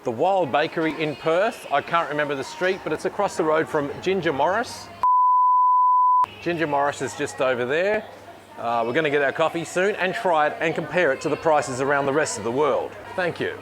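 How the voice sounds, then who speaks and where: An Australian man hosting a casual walk-and-talk vlog, filming himself on a handheld camera and rambling cheerfully as he thanks people. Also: a little high. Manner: chatty, rambling, says thank you a lot. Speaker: vlogger host. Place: bakery and city street, indoors and outdoors.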